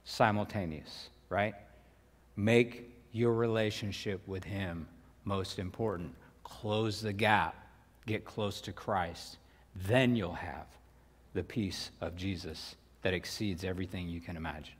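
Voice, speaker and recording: In a church sanctuary, a middle-aged male pastor delivers a relaxed, folksy sermon packed with asides and repeated words. His low, husky voice is slow and steady, and the recording carries the reverb of the church hall.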